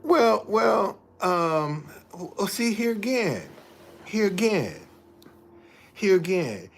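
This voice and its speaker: A man hosts a casual livestream and fires back at his chat. His voice sits high and swings widely in pitch. He talks in animated bursts and repeats himself. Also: husky. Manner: animated, repetitive, laughing, talks back to commenters. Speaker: livestream host.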